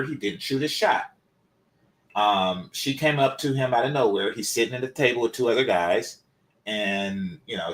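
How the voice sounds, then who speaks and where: A channel host with a lowish, fairly bright voice talks through a topic in loose, rambling casual commentary, full of fillers. He sounds a little congested from a developing cold.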